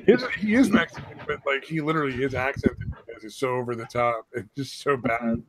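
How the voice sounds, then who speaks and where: A man's voice: mid-range voice, fairly quick, no room sound. A man co-hosting a podcast in casual chat, rambling with stammered restarts and frequent swearing. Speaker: podcast co-host.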